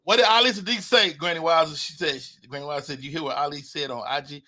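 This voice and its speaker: High bright-voiced man hosting. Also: fast talker. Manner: emphatic, profane, stammering restarts. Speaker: podcast host. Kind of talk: casual comedic debate.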